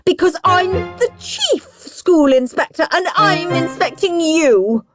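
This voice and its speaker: A woman's voice: very high voice, expressive, slow, over music, pitched above the performer's own voice, full character voice. A woman voicing a moody girl who bosses others around as a pretend headteacher, snapping and imperious. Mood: defiant.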